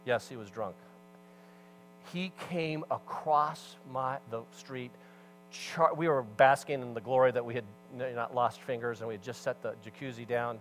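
A man preaching a sermon as pastor, telling a story with animated swings between loud emphasis and hushed asides. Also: mid-range voice, measured pace, faint music behind, poor audio.

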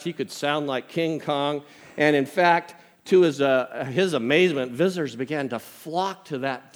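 A man preaching a sermon, telling a humorous story and reading scripture aloud in an animated, conversational way. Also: on the high side. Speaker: pastor.

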